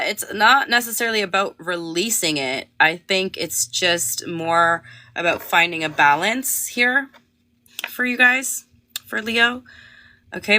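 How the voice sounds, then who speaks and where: A woman's voice: on the low side, bright, forceful tone. Chatty woman reading tarot on a livestream. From Canada. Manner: chatty, rambling, lots of fillers. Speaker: tarot reader.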